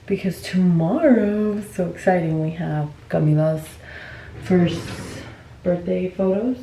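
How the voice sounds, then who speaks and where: Chatty young mom with a gravelly voice. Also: female voice, on the low side, steady tone, measured pace, mellow, a little hiss or hum, poor audio. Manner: chatty, talks straight to camera. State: out of breath. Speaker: vlogger. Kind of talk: casual vlog chat.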